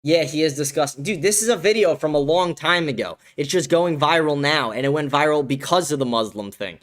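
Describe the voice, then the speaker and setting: A male stream host delivers heated political commentary. His voice sits a touch above the usual male pitch. His angry, profane ranting sets the tone throughout. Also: fairly quick, a bit bright. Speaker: show host.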